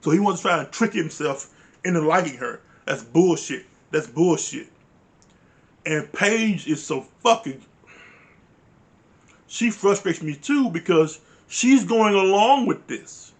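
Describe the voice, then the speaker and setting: A man with a high, light voice rants through a reality show recap. He talks bluntly and swears freely, sounding fed up with the people on screen. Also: animated, a little slow. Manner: blunt, profane, exasperated ranting; uses informal dialect grammar. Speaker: reality TV reviewer. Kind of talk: casual recap commentary.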